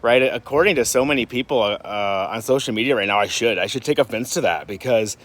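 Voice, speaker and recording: A man from Michigan talks straight to his viewers in a loose vlog style. He circles his point with fillers, restarts and rhetorical questions, his pitch sitting in the middle of the range. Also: brisk, few pauses, fairly bright tone. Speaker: vlogger. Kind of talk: casual vlog talk. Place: home in Puerto Rico.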